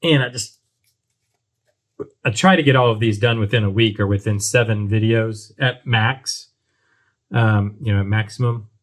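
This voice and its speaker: A man's voice: on the low side, moderate pace, long pauses. A man casually talking through a model kit build at his workbench, thinking aloud with frequent ums and restarts. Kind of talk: casual build tutorial talk. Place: workbench at home.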